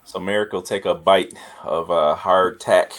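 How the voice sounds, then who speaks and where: Low-voiced man, a hesitant player. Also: fairly even intonation, measured pace, a bit bright. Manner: hesitant, agreeable, many fillers. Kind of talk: casual game chat.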